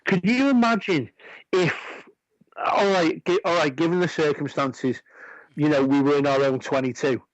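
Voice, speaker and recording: Man, slightly high voice, stammering restarts, dull dry radio sound. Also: normal speed, no echo. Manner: stammering restarts, earnest, argues a point. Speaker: radio show co-host. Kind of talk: casual sports chat. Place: radio studio.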